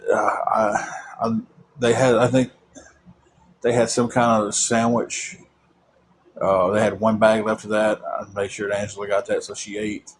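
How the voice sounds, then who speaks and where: A man's voice: lowish voice, flat delivery, a little slow, pauses often, husky. A man telling a long personal story about his faith, rambling with frequent restarts.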